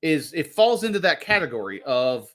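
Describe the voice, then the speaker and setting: Slightly high-voiced rambling podcast guy. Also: sing-song, normal speed, a bit bright. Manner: rambling, jokey. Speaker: podcast co-host. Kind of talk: casual movie discussion.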